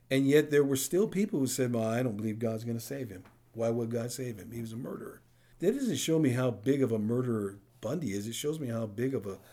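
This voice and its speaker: A man preaching a sermon as pastor, in a conversational way, often checking in with the congregation with a quick "right?". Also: medium pitch, dark tone.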